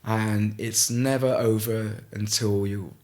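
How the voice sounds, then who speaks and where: Low-voiced man telling a story. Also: fairly even intonation, darkish tone. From Gloucester, England. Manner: halting, frequent restarts, vivid retelling. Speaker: guest, ice swimmer. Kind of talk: casual storytelling in a podcast interview.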